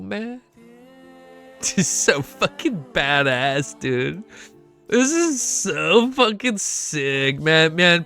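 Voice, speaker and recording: An excitable young man chats on a casual live stream, swearing freely and saying "dude" a lot. His voice is bright and forward. Faint music plays quietly behind him. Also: high voice, creaky, clear, resonant tone. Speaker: streamer reacting to a web novel.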